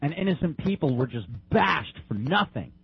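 Husky man reading aloud. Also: a little high, sing-song, moderate pace. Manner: reads steadily, then comments loosely with restarts. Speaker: online show host. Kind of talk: reading a news article aloud with commentary. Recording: dull lo-fi stream audio.

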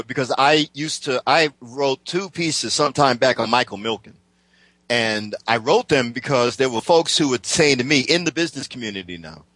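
A man's voice: medium pitch, fairly bright tone, dry recording. A man in casual political chat, ranting heatedly and swearing constantly.

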